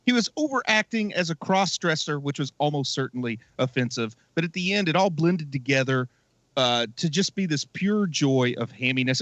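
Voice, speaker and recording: A man's voice: mid-range voice, fairly bright tone, no echo. A man giving his opinions wryly as a co-host on a casual movie podcast. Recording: slightly dull lo-fi audio.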